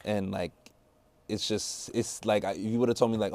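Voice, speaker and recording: A man's voice: fairly low pitch, moderate pace, dry recording. A man hosting a podcast in casual chat, asking rambling questions full of filler words. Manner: relaxed, rambling, heavy use of "like". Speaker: podcast host.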